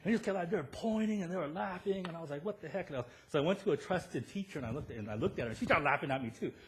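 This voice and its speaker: A male pastor preaching a sermon in a church, telling self-deprecating stories and often checking in with "right?" before rising to loud emphatic points. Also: a little high, very fast. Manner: animated storytelling, rising to loud emphatic peaks, tag questions "right?".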